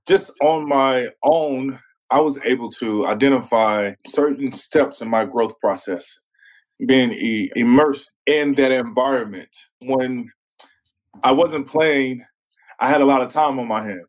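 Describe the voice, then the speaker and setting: A man's voice: mid-range voice, a little slow, low-quality recording. A former pro football player as a podcast guest, laid-back and casual, often saying "man" and acting out what others said. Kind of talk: casual interview storytelling.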